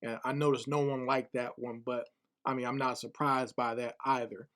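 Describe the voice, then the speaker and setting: A man's voice: mid-range voice, little pitch movement, normal speed, fairly bright tone. A man giving casual spoken commentary online, blunt and scornful, often repeating words as he gathers his thoughts.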